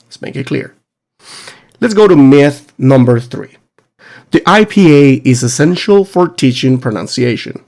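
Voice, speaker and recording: A man's voice: medium pitch, animated, unhurried, creaky, a little mellow. A man hosting an educational podcast, talking on his own with an emphatic, teacherly delivery full of rhetorical questions. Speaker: podcast host. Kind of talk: solo educational podcast monologue.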